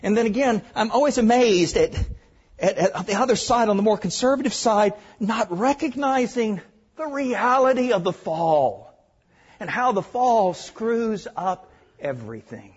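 Older man, Southern accent, preacher, emphatic sermon, husky voice, dull lo-fi recording. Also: sits high, expressive, unhurried. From Arkansas, USA. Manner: emphatic, swings between loud stresses and hushed asides.

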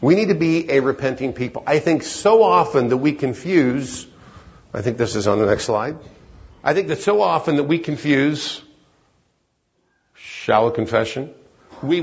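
A man's voice: a little high, dull audio. A man preaching a sermon in an earnest, emphatic way that climbs into urgent pleading.

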